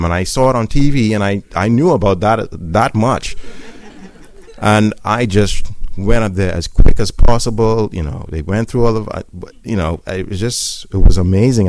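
A man's voice: fairly low pitch, darkish tone. A man giving a personal church testimony, telling his story in an earnest, reflective way.

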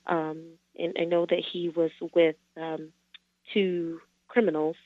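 A woman phoning in to a radio show, her voice a little low and hesitant, full of small pauses. The sound is thin and tinny, like a phone line, and quite dry. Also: little pitch movement, no echo. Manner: hesitant, many fillers. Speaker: caller. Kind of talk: call-in question.

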